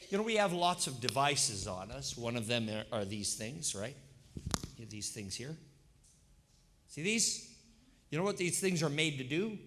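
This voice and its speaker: Pastor, man in his fifties, unhurried sermon, voice rising and falling a lot. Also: a little high. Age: 50s. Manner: lively, conversational preaching with questions to the congregation.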